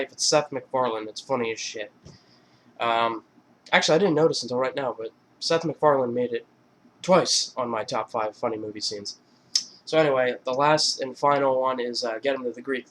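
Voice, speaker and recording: A man's voice: medium pitch, a little hiss or hum. A young man recapping funny movie scenes in a casual, rambling, profane vlog style. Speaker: vlogger.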